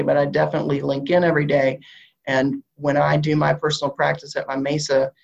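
Southern woman guiding a gravelly meditation. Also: low voice, highs cut off. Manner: slow, soothing guidance with long pauses. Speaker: shamanic practitioner leading a group. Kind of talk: guided meditation and spiritual talk.

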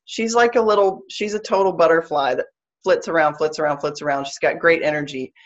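A woman's voice: deep voice, brisk, muffled recording. A woman with a Southern US accent teaching a live online class on spiritual practice, earnest and explanatory, repeating her key phrases.

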